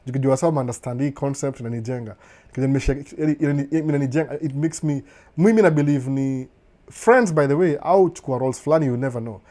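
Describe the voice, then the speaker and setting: Talking fast in a dark, medium-pitched voice, a middle-aged Kenyan host reads viewer comments on an informal live stream. He code-switches between English and Swahili, frequently saying "no, no" and chuckling.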